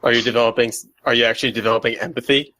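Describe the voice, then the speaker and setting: A man playing a tabletop game, speaking in a dry, deadpan way. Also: mid-range voice, racing. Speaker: player. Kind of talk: casual tabletop game chat.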